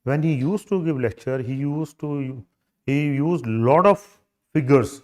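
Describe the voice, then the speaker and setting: A man's voice: fairly high pitch, measured pace. Emphatic older Indian man coaching. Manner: emphatic, demonstrative, repetitive. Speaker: interview coach. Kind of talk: coaching lecture.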